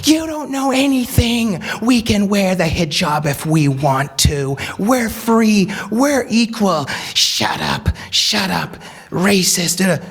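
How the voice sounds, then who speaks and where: A man imitating a group of angry young women, shouting indignantly in a raised voice. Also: sits high, very animated, slow, few pauses, slightly rough, pitched above the performer's own voice, full character voice.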